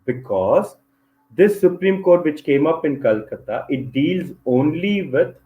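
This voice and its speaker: A male teacher with an Indian English accent gives an online lecture for exam students. His voice sits a touch high and rings around a roomy, echoing space. He repeats each key phrase and often stops to ask whether everyone has followed. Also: animated, measured pace, narrow, tinny audio. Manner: repeats key phrases, checks understanding with "clear?". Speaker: civil services exam teacher.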